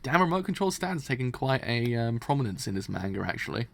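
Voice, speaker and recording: A man hosting a live manga reading stream, reacting with excited swearing and loose, rambling commentary. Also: mid-range voice, fairly quick, creaky.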